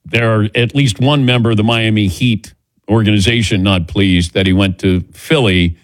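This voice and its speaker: A man's voice: on the low side, fairly even intonation, moderate pace, dry recording. Middle-aged male radio host, casual storyteller, dry close mic. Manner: storytelling, acts out quoted voices. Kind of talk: casual sports radio chat.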